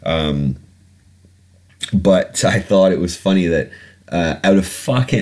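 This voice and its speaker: Deep-voiced guy ranting on his podcast, sweary, lots of ums. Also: measured pace. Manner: blunt, sweary, animated ranting with frequent fillers. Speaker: podcast host. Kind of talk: casual solo podcast rant.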